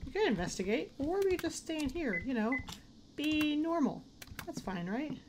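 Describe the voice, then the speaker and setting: Woman playing a horror game, jumpy, swears a lot, kinda high voice, faint noise behind. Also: very animated, moderate pace. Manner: jumpy, swears, talks to herself. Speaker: let's play gamer. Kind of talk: casual game commentary.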